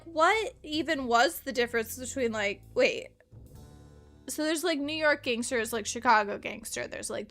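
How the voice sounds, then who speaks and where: A woman's voice: sits high, fairly bright tone. A young woman hosting a let's play, chatting casually and rambling with lots of filler as she plays. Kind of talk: casual gameplay commentary.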